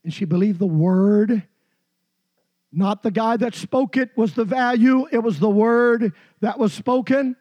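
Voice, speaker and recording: A middle-aged man preaching a sermon with a husky, fairly high voice. He drops low and quiet to tell the story, then builds to emphatic shouted declarations. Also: unhurried, dull audio.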